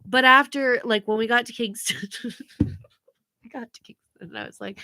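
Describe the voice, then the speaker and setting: A woman's voice: a little high, moderate pace, long pauses, a little hiss or hum. A woman, co-hosting a casual podcast chat and telling family stories, acting out voices and laughing often. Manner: animated storytelling, acts out family members' voices, laughs often. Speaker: podcast co-host.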